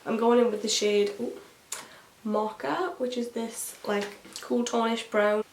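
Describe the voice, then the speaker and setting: Woman, beauty vlogger, rambling and gossipy, mid-pitched, echoey room with light hiss. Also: fairly even intonation, a little slow. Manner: rambling, gossipy, many fillers and asides. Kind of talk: chatty get-ready-with-me makeup tutorial.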